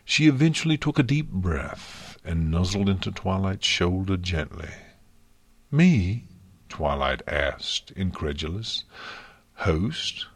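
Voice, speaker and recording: Deep-voiced, slow male storyteller. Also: lively intonation, fairly bright tone, breathy edge, no room sound. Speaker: narrator. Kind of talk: audiobook fan fiction reading.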